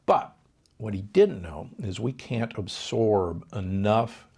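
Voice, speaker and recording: An older man speaks with a low, gravelly voice, explaining medical advice in an authoritative tone. He piles up doses and figures and often restarts his sentences mid-thought. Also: slow, a little mellow. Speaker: doctor and guest. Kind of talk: podcast interview.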